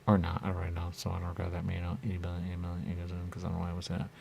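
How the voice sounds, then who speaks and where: A man's voice: low voice, completely flat delivery, rapid-fire, creaky, mellow, a little hiss or hum. A man talking on in a rambling, repetitive monologue as a radio show host, looping back to the same catchphrases.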